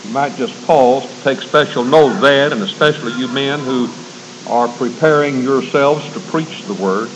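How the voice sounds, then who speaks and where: A man preaching a sermon in an earnest, measured way, reading and quoting scripture to a congregation that includes men training to preach. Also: medium pitch, muffled recording, a little hiss or hum.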